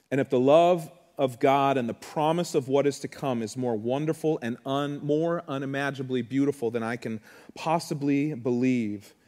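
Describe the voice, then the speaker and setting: A man's voice: mid-range voice, darkish tone. A male pastor preaching a sermon in an earnest, heartfelt way, with conversational asides to the congregation.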